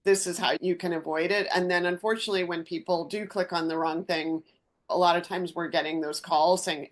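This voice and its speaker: Low-voiced woman founder telling stories. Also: a little fast. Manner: animated anecdotes with acted-out dialogue. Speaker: company founder and CEO, interview guest. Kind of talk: conversational interview, storytelling.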